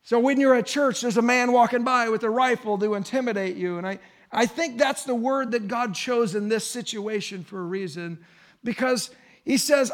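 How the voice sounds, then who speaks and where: A man's voice: extremely high pitch, normal speed. A man in his thirties preaching a sermon to his congregation in a conversational way, building to emphatic points. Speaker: pastor.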